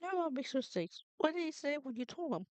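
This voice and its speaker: A woman's voice: high voice, sing-song, fast, darkish tone, no room sound. A woman voicing an upset young woman who has just learned she is pregnant, speaking in a distressed, pleading way.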